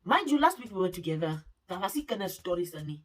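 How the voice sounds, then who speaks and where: Blunt, animated woman telling a story. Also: fairly low pitch, brisk, far from the mic, soft background music. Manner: blunt, animated, profane retelling. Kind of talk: storytime vlog.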